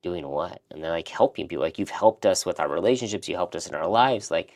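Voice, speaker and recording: A man with a very low, deep voice shares a personal story in casual conversation. He is earnest and reflective. He often slips into the voices of people he remembers talking to. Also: expressive, fast. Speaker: life coach and podcast co-host.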